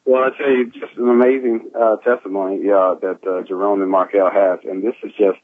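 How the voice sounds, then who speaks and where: Very deep-voiced pastor, halting on a phone line. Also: male voice, flat delivery, dry recording. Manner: slow, halting, full of fillers. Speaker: pastor and call co-host. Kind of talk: closing remarks on a conference call. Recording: dry, tinny phone line.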